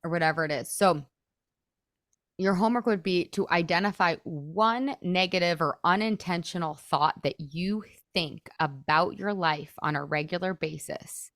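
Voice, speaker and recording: Chatty woman coach, lowish dry voice. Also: normal speed, a bit bright, dry recording. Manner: chatty, peppered with "like", acts out inner thoughts. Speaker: weight loss coach and podcast host. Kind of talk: casual coaching on a podcast.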